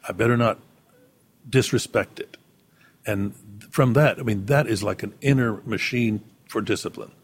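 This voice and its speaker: A man's voice: lowish voice, moderate pace, husky. A man from Texas, reflecting in a conversational interview in a thoughtful, storytelling way. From San Antonio, Texas. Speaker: actor being interviewed.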